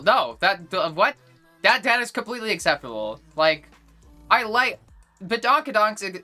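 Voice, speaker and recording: A woman's voice: on the low side, bright, forceful tone. A young woman streamer chatting casually with her chat, rambling and blunt, swearing often and full of fillers and restarts.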